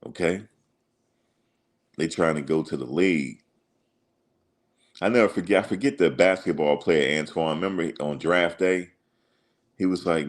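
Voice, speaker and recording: A man's voice: deep voice, normal speed, pauses often. A man hosting a casual sports livestream, rambling through stories and slipping into quoted voices. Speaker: host.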